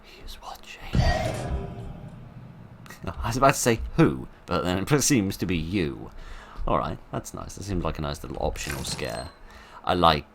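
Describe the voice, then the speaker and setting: A man with a very low, deep voice talks through a horror game in a wry, playful way, full of rambling jokes and asides. A steady hiss of background noise sits under his voice. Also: moderate pace, gravelly. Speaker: gaming video host. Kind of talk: let's play commentary.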